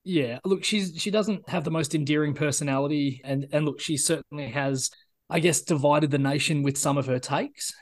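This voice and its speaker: A man's voice: a little high, moderate pace. A man co-hosting a casual sports podcast, blunt and opinionated, often repeating words as he starts. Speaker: podcast co-host.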